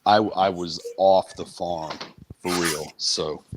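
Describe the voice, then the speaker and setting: A man's voice: low voice, fairly even intonation, slow, a little hiss or hum. A man as an interview guest, talking casually with a wry tone and frequent hesitations. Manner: hesitant, many uh fillers, wry.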